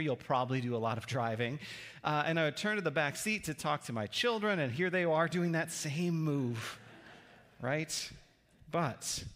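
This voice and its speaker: A man with a slightly high voice preaches a sermon in a chatty, storytelling way. He keeps turning to the listeners with questions. His voice rings out with the long reverb of a church hall. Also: fairly bright tone. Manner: conversational, asks the listeners questions. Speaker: pastor.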